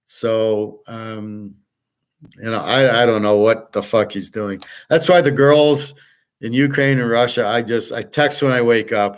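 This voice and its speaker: A man's voice: mid-range voice, steady tone, a little slow, clean tone. An older man hosting a show, talking in a rambling, blunt personal monologue with frequent profanity. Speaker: show host.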